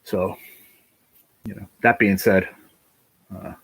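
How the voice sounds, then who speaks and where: A middle-aged man hosting a casual livestream, his voice low and a bit husky. He talks bluntly and emotionally, swears freely and rambles from one tangent to the next. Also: flat delivery, slow, a bit bright. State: fighting back tears. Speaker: channel host.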